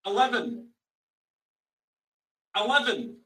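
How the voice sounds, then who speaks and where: An actor with a Scottish accent playing a stubborn, sardonic lift passenger in a comedy sketch. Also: male voice, very high voice, takes it slowly, fairly bright tone, far from the mic, exaggerated voice.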